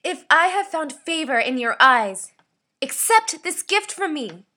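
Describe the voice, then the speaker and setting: Enraged woman, voiced by a woman, shouted, high and sharp. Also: big pitch swings, measured pace, exaggerated voice. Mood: furious.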